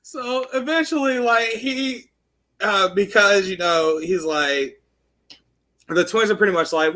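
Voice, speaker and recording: A man co-hosting a casual podcast, retelling a show's plot in a loose, profane, filler-heavy way. His voice sits high and bright, and he talks at an unhurried pace. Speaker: podcast co-host. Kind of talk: casual chat recapping a TV show.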